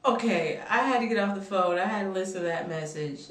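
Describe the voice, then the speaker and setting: A woman vlogger telling a story to camera in an animated, profane way with laughing asides. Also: mid-range voice, brisk. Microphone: camera mic. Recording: roomy, from camera distance.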